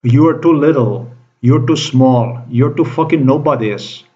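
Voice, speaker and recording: A man's voice: medium pitch, measured pace, dark tone. A man delivering a profane, accusing monologue to camera, repeating his phrases as he rants. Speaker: vlogger. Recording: dull lo-fi recording.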